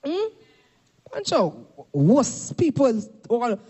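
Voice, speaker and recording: A woman preaching a fervent sermon to a congregation, shouting at peaks and calling for responses, filmed for a camera. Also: a little high, sing-song, measured pace, pauses often. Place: church or meeting hall. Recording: long hall reverb.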